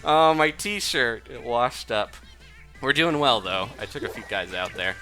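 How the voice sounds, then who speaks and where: A man's voice: mid-range voice, expressive, measured pace, sharp tone. A young man giving chatty live commentary while streaming a game, reading out chat and laughing often. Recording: music playing behind the voice.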